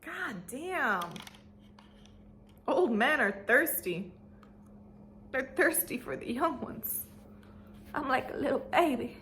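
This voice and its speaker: A young woman in her twenties chats through a get-ready-with-me storytime with a bright, sharp tone. She is animated and slangy, drops fillers and swears freely. She jumps into little voices for the people she talks about. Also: high voice, takes it slowly, pauses often, a little hiss or hum. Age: 20s. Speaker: vlogger.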